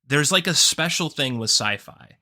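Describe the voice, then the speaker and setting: A man's voice: a little high, lively intonation, normal speed, sharp tone. A man co-hosting a podcast, ranting sarcastically and swearing heavily in a casual review chat. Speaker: podcast co-host.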